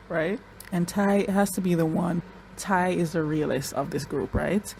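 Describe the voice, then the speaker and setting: A woman's voice: deep voice, darkish tone, slight background noise, poor audio. A woman giving casual reaction commentary on a TV episode, chatty and talking straight to the characters, with frequent restarts and repeated words. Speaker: show reaction YouTuber.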